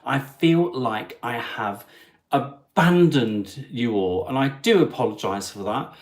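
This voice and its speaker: A man's voice: mid-range voice, lively intonation, slow. A man hosting his travel livestream, chatting in a cheeky, jokey way with asides to viewers. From England. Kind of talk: chatty live stream.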